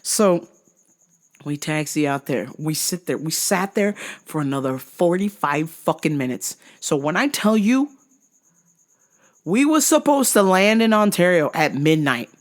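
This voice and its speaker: A woman telling a profane comic travel rant in an animated manner, jumping into high outbursts. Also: a little slow. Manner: animated, swearing, jumps into high-pitched outbursts. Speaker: vlogger.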